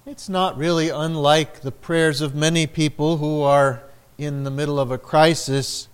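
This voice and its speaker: A man preaching a sermon in a slow, measured way, raising his voice for quoted lines. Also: on the high side, fairly even intonation, clean tone. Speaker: pastor.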